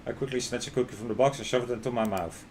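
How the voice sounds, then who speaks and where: A man's voice: mid-range voice, racing, darkish tone, slight background noise. A man streaming a game, reading its story aloud in narration and reacting with laughs and panicky outbursts. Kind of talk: reading a visual novel aloud while playing.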